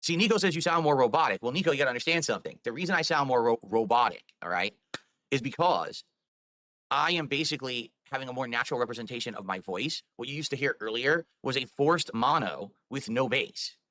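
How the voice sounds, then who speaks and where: A man's voice: medium pitch, expressive, fast talker, a bit bright, dry recording. A man streamer talking on a live stream, explaining himself at length in a rambling, defensive way. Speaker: video game streamer.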